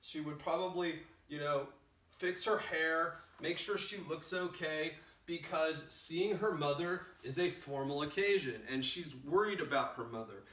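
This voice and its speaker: Casual teacher with a bright voice. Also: male voice, a little high, unhurried. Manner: casual and animated, acts out lines. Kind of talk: explaining a play scene. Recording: roomy sound, mic far off.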